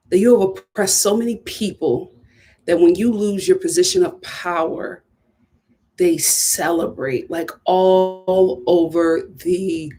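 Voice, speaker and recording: A woman from Philadelphia hosting a casual live stream, chatty and animated, repeating herself and laughing often. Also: on the low side.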